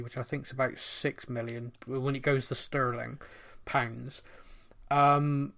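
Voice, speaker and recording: A man co-hosting a podcast in casual football chat, chatty and quick to laugh, with plenty of fillers. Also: fairly high pitch. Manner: chatty, laughs often, many fillers and restarts; reads listener mail aloud. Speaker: podcast co-host.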